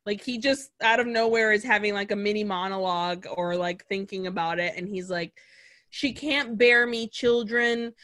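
A woman's voice: mid-range voice, little pitch movement, fairly quick, few pauses, a bit bright. A woman co-hosting a casual podcast, retelling film scenes with lots of swearing and animation. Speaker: podcast co-host. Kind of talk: casual chat.

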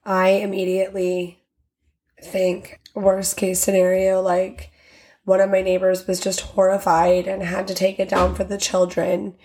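A woman's voice: mid-range voice, darkish tone. A woman host talking loosely and bluntly on her podcast, swearing freely as she vents. Her voice sits in a middle register. She tells stories by acting out the people in them. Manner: blunt, profane and candid; storytelling with acted quotes. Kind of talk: casual podcast rant.

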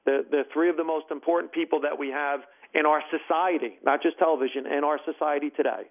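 Man, high voice, emphatic interview guest, tinny phone line. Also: quick pace, vocal fry. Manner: emphatic, animated storyteller. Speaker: comedian and former judge, guest. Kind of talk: casual interview chat.

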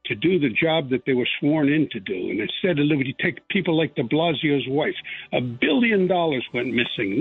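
A man calls in to a radio show over a tinny phone line, earnest and a little aggrieved as he rambles. His voice is on the higher side and somewhat husky. Faint music sits in the background. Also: no room sound. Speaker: radio caller.

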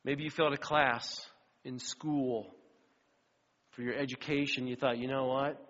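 A middle-aged man preaching a sermon as pastor, animated storyteller who acts out the voices of the people in his stories. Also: mid-range voice, measured pace. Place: church sanctuary. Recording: dull sound with long hall reverb.

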